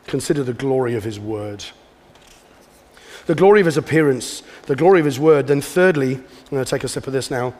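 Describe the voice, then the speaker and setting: A man delivers an earnest, conversational sermon in a fairly high voice, with a long hall reverb trailing his words from the live church. He speaks plainly to the congregation and poses questions to them. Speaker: preacher.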